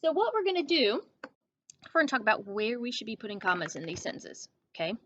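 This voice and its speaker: A woman teacher giving a grammar lesson to young children, speaking slowly and clearly and checking in with "okay?". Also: on the high side, very animated, fairly bright tone, slight background noise. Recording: dull lo-fi recording.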